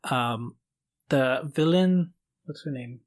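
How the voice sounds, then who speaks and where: Taking it slowly in a medium-pitched voice, a man co-hosting a podcast talks casually and rambles, using plenty of fillers and cursing as he tells a story.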